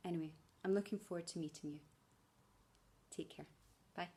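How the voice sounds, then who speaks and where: A woman's voice: lowish voice, steady tone, fairly quick, dark tone. A woman from Scotland with a Scottish accent, a primary school teacher chatting playfully to her future pupils in a welcome video while out on a walk. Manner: playful, chatty, fond of puns. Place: outdoors on a walk.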